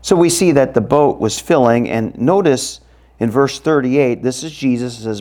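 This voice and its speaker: A middle-aged man preaching a sermon in an expressive way, acting out voices in sudden loud, high bursts. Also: moderate pace. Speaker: pastor.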